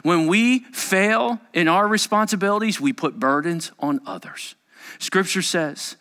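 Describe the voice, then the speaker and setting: A male pastor preaching a sermon dramatically, moving between loud urgency and hushed near-whispers. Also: sits high, animated, unhurried, long reverb tail.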